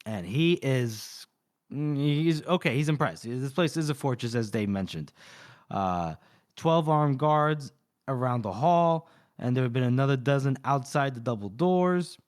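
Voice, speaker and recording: A man's voice: mid-range voice, lively intonation, a little slow. A man co-hosting a podcast, casually retelling a story and acting out the quoted lines. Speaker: podcast co-host recapping a novel. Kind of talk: casual chat.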